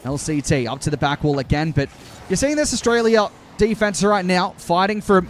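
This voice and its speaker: A young man doing live play-by-play commentary on an esports match, calling the action briskly and breaking off to answer his chat. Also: a little high, a little hiss or hum.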